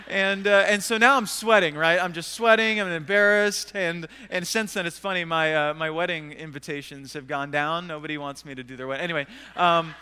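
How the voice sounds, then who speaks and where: A pastor telling a self-deprecating story in an animated way during a sermon. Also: male voice, high-pitched, fairly quick, clear, resonant tone, long reverb tail. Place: church sanctuary.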